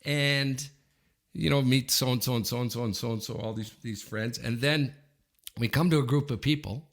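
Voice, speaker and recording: A man in his fifties from Canada, co-hosting a podcast and telling an anecdote in a lively way, often checking in with "okay?". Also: medium pitch, moderate pace. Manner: animated anecdote teller, frequent "okay?" check-ins. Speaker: podcast co-host. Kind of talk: casual storytelling.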